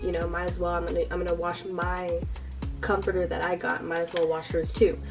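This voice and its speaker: A woman's voice: on the low side, level tone, brisk, recorded from a distance. A young woman telling a funny family story in a casual chat with her sister, laughing often and acting out quotes. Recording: voice a bit off-mic with background music.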